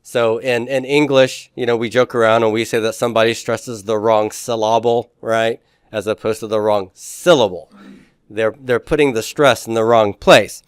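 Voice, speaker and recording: A man teaching a classroom lecture in a relaxed way, with frequent fillers and restarts. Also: mid-range voice, moderate pace, smooth, no room sound, clean studio sound.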